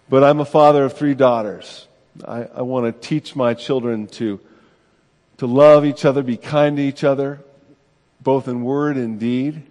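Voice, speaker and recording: A man's voice: mid-range voice, darkish tone. Man preaching conversationally in a reverberant hall. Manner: conversational, self-deprecating preaching with rhetorical "right?". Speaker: pastor. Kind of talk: sermon.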